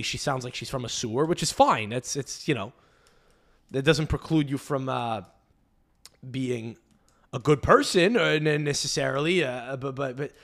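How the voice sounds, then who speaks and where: A man's voice: medium pitch, fairly bright tone. A man hosting a podcast, riffing in casual commentary on video clips with a profane, mocking manner. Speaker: podcast host.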